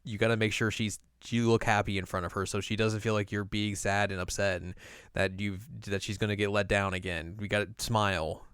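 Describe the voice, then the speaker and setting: A man's voice: fairly low pitch, flat delivery, a bit bright, clean tone, no room sound, clean studio sound. A man co-hosting an anime podcast, casually recapping an episode and playfully acting out the characters' lines. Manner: playful, acts out characters' lines in quick put-on voices.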